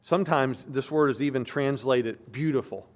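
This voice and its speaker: A man's voice: medium pitch, normal speed. A male pastor preaching an expository sermon, reading scripture aloud and explaining it verse by verse with earnest emphasis.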